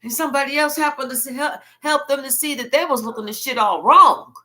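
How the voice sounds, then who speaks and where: A woman giving a spiritual reading, telling it like a profane, animated story. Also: high voice, a little fast. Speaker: tarot reader.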